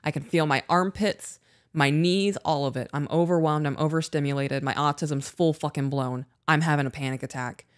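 A woman's voice: sits low, fairly even intonation, moderate pace, no echo, studio quality. A woman co-hosting a podcast in casual chat, frank and swearing freely as she tells stories. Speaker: podcast co-host.

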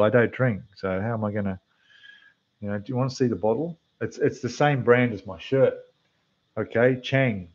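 A man's voice: fairly low pitch, darkish tone. Rambling Australian man on a dull livestream mic. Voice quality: rough, losing its depth. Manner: chatty, rambling, talks to the chat while building. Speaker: scale model livestream host. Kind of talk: casual livestream chat. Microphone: desk microphone, quieter when turned away.

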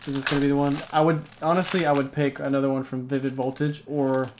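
A man hosting a casual unboxing video, talking excitedly and rambling as he opens card packs. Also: mid-range voice, fast, noisy background. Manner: excitable, rambling, hyped reactions. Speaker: card-opening channel host.

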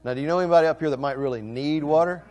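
A man's voice: a little high, rapid-fire, a little mellow. A middle-aged man, a pastor, giving a playful children's sermon and questioning the kids.

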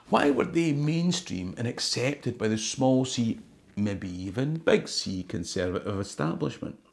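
A man's voice: mid-range voice, gravelly, a little mellow. A Scottish man hosting his own channel, talking to camera in a chatty, wry way and dropping Scots words into his English. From Scotland. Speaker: history tour guide and channel host. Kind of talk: casual talk to camera.

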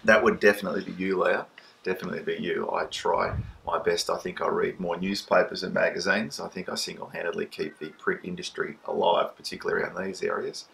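A man, the host's husband, talking in a measured, slightly hesitant way, putting on a mock newsreader voice outdoors on a veranda. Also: low-pitched, level tone, creaky, fairly bright tone, a little hiss or hum, rough recording.

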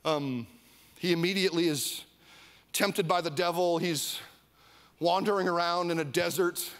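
A man from Iowa preaching a sermon as a pastor, animated, with mock voices and calls for the crowd to repeat. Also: sits high, unhurried. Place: church service.

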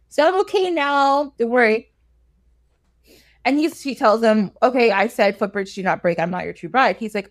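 High lively woman storyteller, slangy and laughing, dry close sound. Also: normal speed, no echo. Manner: animated, laughs often, slangy asides. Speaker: storyteller guest. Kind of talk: casual comic retelling of a fairy tale.

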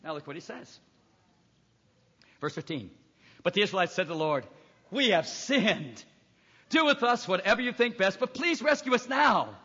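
A man preaching in a big echoing hall, his voice sitting very high and sounding bright and forceful. He reads scripture aloud and drives his points home with emphatic, acted-out lines. The recording is dull and lo-fi. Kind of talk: sermon.

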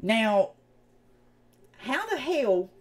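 A woman with an East Tennessee Southern accent talks straight to her livestream chat in a blunt, profane rant. Her pitch swings widely up and down as she vents and jabs. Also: very animated, drawn-out words. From United States. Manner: blunt, profane, heated ranting. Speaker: channel host. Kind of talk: casual livestream commentary.

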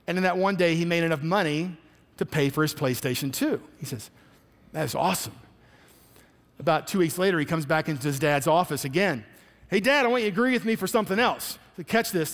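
A male pastor preaching a sermon, emphatic and animated, acting out the people in his stories. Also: high voice, big-room sound. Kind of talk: sermon with storytelling.

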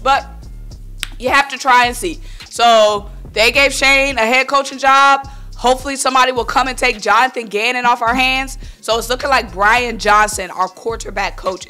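Fired-up woman with a bright voice. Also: a little high. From Philadelphia. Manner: animated, worked-up, blunt, speaks to viewers as y'all. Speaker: sports vlogger. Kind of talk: casual sports opinion vlog.

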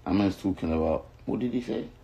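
A young South London rapper from London, England, rants angrily to camera, hurling insults and profanity while circling back to the same points. His voice is low-pitched, brisk, and mellow, and the audio is poor.

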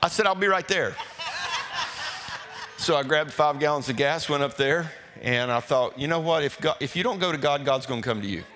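A man, a pastor, tells a folksy testimony to his congregation, animated and stumbling over repeated words. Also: a little high, fairly quick, few pauses, a crowd in the background. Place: church sanctuary. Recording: reverberant hall with faint music.

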